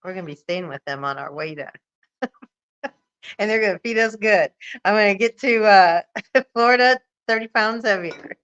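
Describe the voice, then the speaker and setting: Smooth, bright-voiced woman in her 40s. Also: mid-range voice, moderate pace, long pauses, dull audio. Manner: chatty and easygoing, laughs often. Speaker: co-host. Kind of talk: casual livestream chat.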